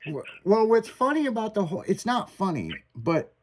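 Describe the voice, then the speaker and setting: A man's voice: high voice, normal speed. A man hosting a radio show, telling crude stories in a casual, profane way. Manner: profane, animated storytelling with laughs. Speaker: radio host. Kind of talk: casual storytelling banter.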